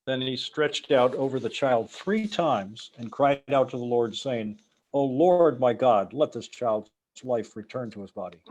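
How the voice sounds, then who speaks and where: A man's voice: mid-range voice, unhurried, darkish tone, poor audio. Man reading scripture aloud. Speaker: class participant reading verses.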